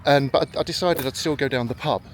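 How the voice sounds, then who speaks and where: A man's voice: medium pitch, fast talker. Guy vlogging on a park walk, chatty storyteller, a bit of outdoor noise. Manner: chatty storytelling, acts out quoted voices. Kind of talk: rambling walk-and-talk vlog. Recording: faint outdoor background noise.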